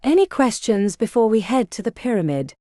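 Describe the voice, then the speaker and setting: A woman's voice: on the high side, sing-song, a little fast, mellow, dry recording, clean studio sound. A woman reading the part of a determined young female mage who lays out a battle plan in an audiobook.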